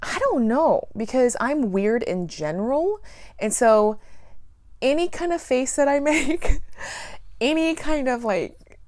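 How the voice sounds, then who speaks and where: A woman's voice: sits high, very animated, takes it slowly, darkish tone, no room sound, clean studio sound. A woman chatting casually in a plant vlog, giggling often and rambling through self-deprecating asides. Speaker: plant YouTuber.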